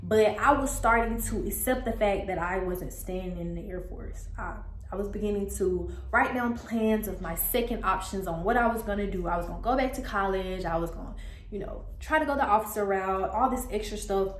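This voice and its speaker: A woman's voice: moderate pace, a little hiss or hum. A young woman telling a personal story in a casual vlog, acting out what others said to her. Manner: animated, quotes others with pitch jumps. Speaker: storyteller vlogger. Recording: echoey room.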